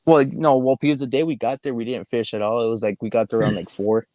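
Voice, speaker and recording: A man's voice: medium pitch, steady tone, fast, dark tone, dry recording. Profane rambling young man telling a story. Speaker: podcast co-host. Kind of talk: casual chat. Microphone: podcast microphone.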